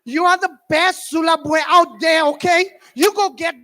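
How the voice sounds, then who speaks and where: A man voicing a young girlfriend who loudly cheers on her partner. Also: very high voice, moderate pace. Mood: cheering. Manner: loud, gushing encouragement.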